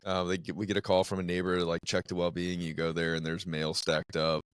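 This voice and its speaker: A man who hosts a podcast and works as a police officer, chatting casually and sharing his own stories at an unhurried pace. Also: sits low, level tone, clean tone, no room sound. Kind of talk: casual interview chat.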